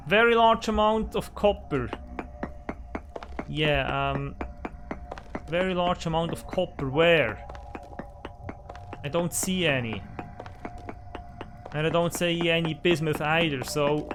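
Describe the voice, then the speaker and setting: A man's voice: fairly high pitch, slow, pauses often, music in the background. A man hosting a let's play, commenting on his survival game and swearing at it in frustration. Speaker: gaming channel host. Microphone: desk microphone.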